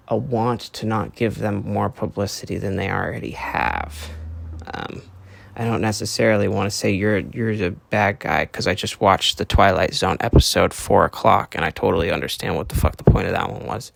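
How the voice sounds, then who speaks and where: A man's voice: lowish voice, gravelly, fairly bright tone. A young man hosting his own podcast, talking in a casual, profane, rambling monologue with earnest lecturing. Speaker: podcast host.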